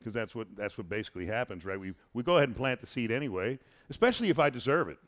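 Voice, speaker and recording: Rapid-fire and medium-pitched, a married father hosts an informal faith-based conversation. His manner is animated and preachy, and he repeats phrases for emphasis.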